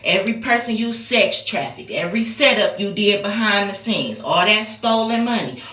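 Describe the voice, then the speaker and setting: A bright-voiced American woman doing an off-the-cuff psychic reading in a chatty, profane style. She talks bluntly and keeps coming back to a sing-song refrain. The room is echoey. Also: medium pitch, animated, normal speed. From United States. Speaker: psychic reader. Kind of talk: casual intuitive-reading vlog.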